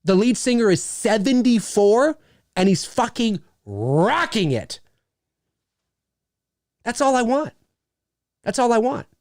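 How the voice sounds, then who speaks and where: A man's voice: very high-pitched, very animated, slow pace, long pauses, darkish tone, no room sound, clean studio sound. A man hosting a casual livestream, rambling enthusiastically and swearing freely as he reads viewer messages. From Canada. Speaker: livestream host.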